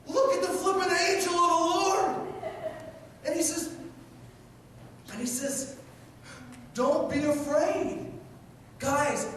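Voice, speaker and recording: Impassioned preacher, high voice, echoing hall. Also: male voice, slight background noise. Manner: impassioned, repeats phrases, swings from loud to hushed. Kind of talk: sermon. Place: large church hall. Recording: echoey hall, mic far off, faint ambience.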